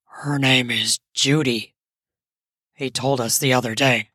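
A dazed, besotted man, put on by a woman narrator, speaks in a very low, slow drawl for an erotic audio story. His words come out dreamy and offhand, as if he were in a trance. The recording is close and dry. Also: fairly even intonation, a bit bright, dry recording, exaggerated voice. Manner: dreamy, nonchalant, lulled. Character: dazed, infatuated adult man.

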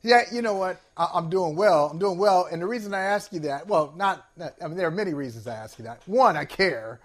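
A man's voice: high voice, expressive, brisk. A man hosting a sports talk show, talking in a discursive, emphatic way with playful asides. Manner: sincere and playful, laughs at himself.

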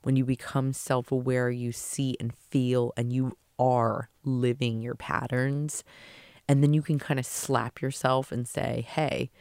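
A woman's voice: a bass voice, flat delivery, measured pace, creaky, a little mellow, no echo, studio quality. A woman hosting her own podcast, giving an earnest, emotional motivational talk and swearing casually. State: tearful at times. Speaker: podcast host.

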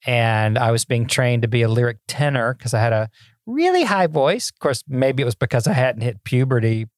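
A man's voice: mid-range voice, big pitch swings, fairly quick, no room sound, studio quality. A man in his sixties, a podcast guest, telling his life story in a folksy, self-deprecating way, often repeating words as he starts a thought. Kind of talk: casual interview storytelling.

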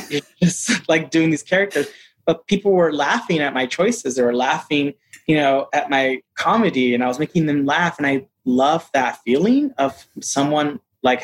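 A man telling a personal story in a casual interview, acting out quoted voices with lively shifts. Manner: animated, acts out quotes in a higher voice. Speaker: interview guest.

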